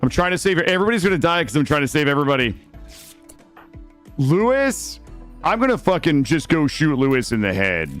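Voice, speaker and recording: A man's voice: on the high side, big pitch swings, a little fast, a bit bright, soft background music. A young man streaming a video game, talking through it live and swinging from muttering to panicked outbursts. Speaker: gaming streamer. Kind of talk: live gameplay commentary. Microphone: studio microphone.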